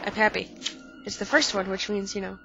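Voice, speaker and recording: Woman gamer, stuffy nose, sarcastic and swearing, bright voice, muffled lo-fi audio with faint music. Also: mid-range voice, a little fast, gravelly, slight background noise. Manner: profane, exasperated, sarcastic. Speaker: let's play gamer. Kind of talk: casual game commentary.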